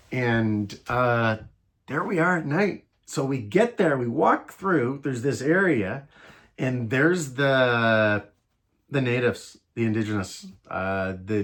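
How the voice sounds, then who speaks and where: A man casually telling a travel story, rambling and animated, with many restarts and fillers. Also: mid-range voice, slow. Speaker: travel vlogger.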